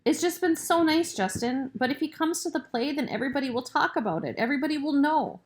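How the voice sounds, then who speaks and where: A woman's voice: sits high, animated, fast, pitched above the performer's own voice. A woman reading aloud and voicing an upset teenage girl who snaps defensively and then cries.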